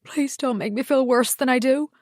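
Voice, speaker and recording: A woman's voice: a little high, moderate pace, no room sound, studio quality, voice pushed up, lightly acted. A woman narrator voicing a torn, anguished man who pleads, in her own voice raised with emotion. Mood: pleading.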